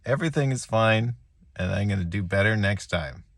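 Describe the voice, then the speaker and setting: A man talking to his viewers after a lost chess game, joking at his own expense with halting restarts and small laughs. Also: fairly low pitch, expressive, gravelly, fairly bright tone, no echo. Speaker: chess vlogger. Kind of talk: rambling self-deprecating reflection.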